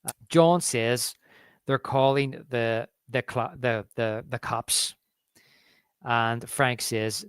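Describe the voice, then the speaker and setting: A man's voice: mid-range voice, fairly even intonation, fairly bright tone, clear, resonant tone, no room sound, clean studio sound. A man co-hosting a movie podcast, chatting casually and stumbling through restarts while he retells scenes. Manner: halting, many restarts, acts out movie quotes. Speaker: podcast co-host. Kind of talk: casual movie review chat.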